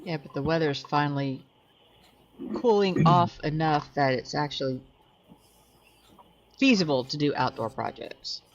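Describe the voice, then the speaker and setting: Woman, deep low voice, chatty and relaxed, faint hiss. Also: a little slow, long pauses, muffled recording. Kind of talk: casual chat.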